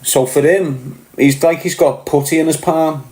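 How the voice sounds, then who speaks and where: A man's voice: fairly high pitch, steady tone, unhurried, darkish tone. Blunt Scouse man, echoey room. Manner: blunt, swearing, keeps asking "do you get what I'm saying". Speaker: podcast host. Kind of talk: casual monologue to camera.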